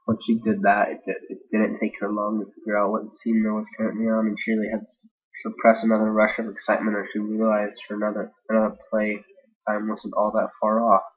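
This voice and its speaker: A man with a lowish, monotone voice reads a fan-fiction story aloud a little fast, unedited and casual. He rambles, tosses in jokey asides, and stumbles over words, all through a dull lo-fi home mic.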